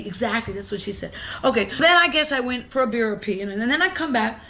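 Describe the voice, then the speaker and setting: A woman in her fifties tells long, wandering stories to an interviewer in her own home. Her voice sits a little high, and she is blunt and profane, often breaking into laughter. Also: expressive, fast, few pauses, fairly bright tone. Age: 50s. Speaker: actress being interviewed. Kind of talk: candid rambling storytelling.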